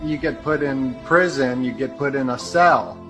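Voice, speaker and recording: A man's voice: medium pitch, moderate pace, a bit bright, soft background music. A man on a podcast chiming in with theories that break words apart. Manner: chimes in with word-breakdown theories. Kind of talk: podcast conversation.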